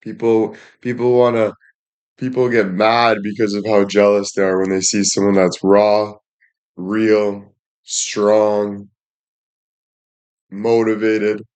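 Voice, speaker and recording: A man's voice: on the low side, completely flat delivery, slow pace, pauses often, darkish tone. A man livestreaming and addressing his chat in a heated rant, frustrated, swearing often and repeating himself.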